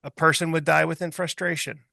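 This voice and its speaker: Male podcast co-host, gravelly edge, slightly raised pitch, dry mic. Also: level tone, fairly quick, pushed and bright, no echo. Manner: reading notes aloud, joking. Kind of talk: casual panel chat.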